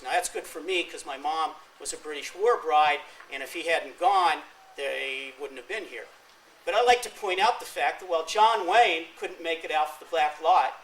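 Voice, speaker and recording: A man's voice: a little high, fairly bright tone. Wry storytelling man in his fifties, lecture hall. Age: 50s. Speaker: guest speaker. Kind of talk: classroom talk. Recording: distant mic with faint room noise.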